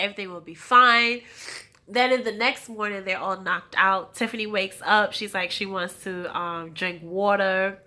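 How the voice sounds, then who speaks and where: Woman late 20s recapping a tv episode, super animated, acts out the lines, bright kinda high voice. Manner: animated retelling, acting out quotes, laughing often. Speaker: TV recap reviewer.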